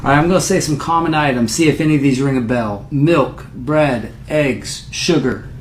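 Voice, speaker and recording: A man's voice: mid-range voice, normal speed, close to an everyday voice. A man playing a polite help desk operator in a comedy sketch, with a chipper, professional phone manner. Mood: cheerful. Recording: echoey room with faint hiss.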